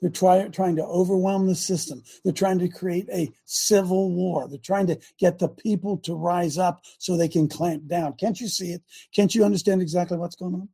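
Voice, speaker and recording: Gravelly, fervent talk radio host man. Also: high voice, fairly even intonation, moderate pace, hardly any pauses, warm tone. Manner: fervent, preachy, rhetorical questions.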